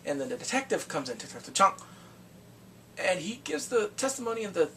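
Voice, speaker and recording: An excitable man chats through a drama recap. His pitch swings widely as he acts out the scenes. He sits away from the mic, with a faint noise behind him. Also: a little fast, recorded from a distance, low-quality recording. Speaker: drama reviewer. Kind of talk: casual recap vlog.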